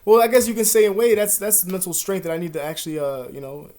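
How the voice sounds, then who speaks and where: A young man talking casually to the camera at home, rambling and swearing, his voice sinking to a mutter and then jumping up loud. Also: sits high, steady tone, fast talker. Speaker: vlogger. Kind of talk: casual confessional talk to camera.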